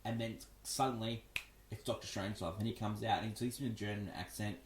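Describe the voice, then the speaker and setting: A man's voice: lowish voice, fairly even intonation, quick pace, a little hiss or hum. Rambling, enthusiastic man chatting about films. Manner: enthusiastic, rambling, many fillers. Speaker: podcast co-host. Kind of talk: casual film discussion.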